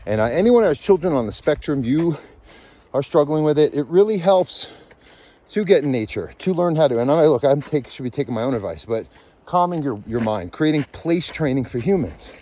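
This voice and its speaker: A man's voice: fairly high pitch, lively intonation, fairly quick, mellow. A man, a dog trainer, talking casually as he walks a forest trail, rambling and thinking aloud with many restarts, filmed on a handheld camera. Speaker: dog trainer and podcast host. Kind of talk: casual rambling talk while walking outdoors. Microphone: handheld camera, selfie framing.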